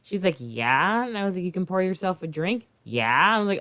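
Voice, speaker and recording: A woman in her thirties co-hosting a podcast, talking in a loose, chatty way. Her voice sits a little low, and she is expressive and swears freely, getting louder and then quieter as she goes. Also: moderate pace. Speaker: podcast co-host. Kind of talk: casual chat.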